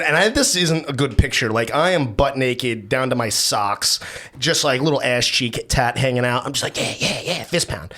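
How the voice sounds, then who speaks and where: A man's voice: medium pitch, a bit bright. Young man telling wild stories, swearing. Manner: loose, profane, quoting friends in a raised voice. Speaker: podcast host. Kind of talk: casual storytelling chat.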